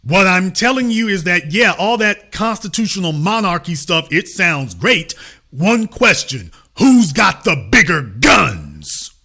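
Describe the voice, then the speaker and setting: A man's voice: high voice, big pitch swings, a little slow, creaky, sharp tone, slightly rough. A middle-aged man hosting a political commentary show, talking in an emphatic, sarcastic preaching cadence.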